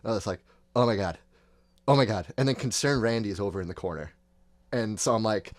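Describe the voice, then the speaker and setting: A man in his thirties with a lowish voice, retelling a wild day in a loose, rambling way and slipping into quoted voices. The sound is dry and close, with no room around it. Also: expressive, quick pace, no echo. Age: 30s. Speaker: podcast host. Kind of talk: casual storytelling.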